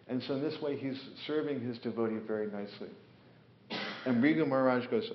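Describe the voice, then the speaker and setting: Speaking a little fast in a medium pitch, a male spiritual teacher tells stories in a scripture class, unhurried in manner, with many fillers and distinct voices for the characters. Sound comes from an echoey room on a dull lo-fi recording.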